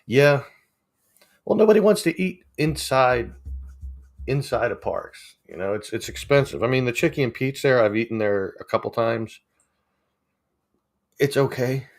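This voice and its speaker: A man's voice: medium pitch, expressive, unhurried, long pauses. A man, chatting casually with viewers on a livestream, rambling and chuckling as he reads the chat. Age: 40s. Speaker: livestream host.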